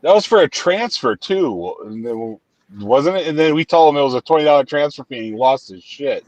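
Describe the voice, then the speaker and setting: A man's voice: fairly high pitch, lively intonation, fairly quick, a little mellow, dry recording, lo-fi sound. Dry-humored man on a livestream. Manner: dry, wry asides and anecdotes. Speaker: gun shop co-host. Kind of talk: casual livestream chat.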